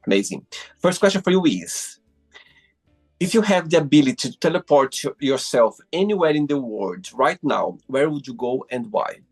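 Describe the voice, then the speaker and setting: Encouraging male host with soft music behind. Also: mid-range voice, very animated, moderate pace, breathy edge. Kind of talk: interview host. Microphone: video call.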